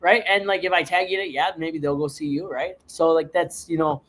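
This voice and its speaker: A man from Canada hosting a podcast, telling profane stories in a casual chat with big jumps in pitch. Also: brisk. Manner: profane, animated storyteller with big pitch swings. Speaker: podcast host.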